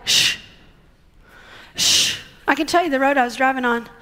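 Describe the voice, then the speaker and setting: Woman preacher, middle-aged, very high voice, chatty storytelling sermon. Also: racing. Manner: animated, conversational storytelling with acted-out quotes. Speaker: guest speaker.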